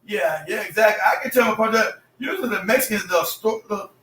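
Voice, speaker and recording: A man's voice: high voice, fast talker, fairly bright tone, a little hiss or hum. A man in casual, profane chat who tells stories and laughs as he goes. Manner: loose, profane, laughing storyteller. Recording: roomy echo, distant mic.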